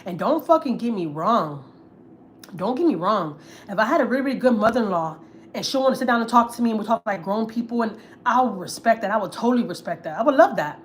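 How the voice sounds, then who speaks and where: A woman's voice: a little high, lively intonation, fast, a little hiss or hum. A woman from Houston, Texas, venting on a casual family vlog livestream; she is blunt and profane and repeats herself for emphasis. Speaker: family vlogger host.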